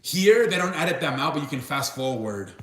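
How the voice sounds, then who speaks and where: A man's voice: fairly high pitch, animated, fairly quick, a bit bright. A young man hosting a casual live stream, rambling and restarting his sentences as he reacts to chat. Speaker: live show host. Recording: echoey room.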